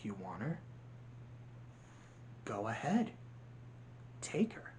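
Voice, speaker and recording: A vlogger putting on a cold, tyrannical grasshopper villain from a cartoon. The voice drops low and hushed into a sneering, threatening whisper. Every word comes out slow and menacing, with big swings in pitch. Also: sing-song, a little hiss or hum.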